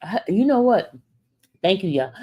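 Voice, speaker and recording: A woman's voice: mid-range voice, big pitch swings, a little slow, warm tone. Chatty woman hosting a live stream. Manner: chatty, talks straight to viewers. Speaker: livestream host. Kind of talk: casual live chat reading viewer comments.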